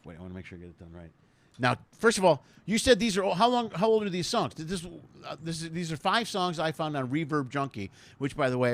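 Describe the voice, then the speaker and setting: Lively joking man hosting a video chat. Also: dry recording. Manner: excitable, joking, swings between loud bursts and low mutters. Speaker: comedian host of a video chat show. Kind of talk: casual interview chat. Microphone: video call.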